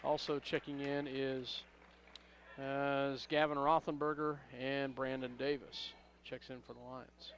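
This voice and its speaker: A man announcing a high school basketball game play-by-play, calling passes quickly and rising on big plays. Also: little pitch movement, a little hiss or hum. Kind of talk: local radio basketball commentary.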